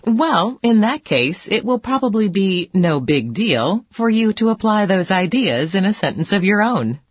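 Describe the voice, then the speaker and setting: A woman's voice: mid-range voice, very animated, unhurried, no echo. A woman playing a teacher in a scripted educational dialogue, patient and encouraging.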